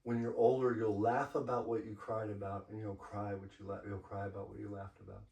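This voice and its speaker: A man's voice: fairly low pitch, flat delivery, a little fast, gravelly, a little mellow. A man from Los Angeles, a graffiti artist guest, telling stories in a laid-back, profane way full of "you know.". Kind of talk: casual storytelling interview. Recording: roomy, mic far off.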